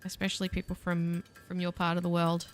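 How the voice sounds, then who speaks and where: A young Australian woman streaming a factory-building game, thinking aloud and chatting with viewers, quick to laugh at herself. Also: lowish voice, completely flat delivery, soft background music. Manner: self-deprecating, laughs easily. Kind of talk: casual let's-play commentary. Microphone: desk mic, voice only without face cam.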